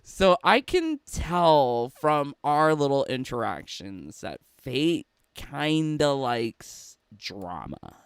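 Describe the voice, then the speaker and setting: A man's voice: medium pitch, sing-song, slow, hardly any pauses, clear, resonant tone, no echo, studio quality. A man giving a casual, chatty commentary monologue as a gaming YouTuber, laughing between phrases and restarting often.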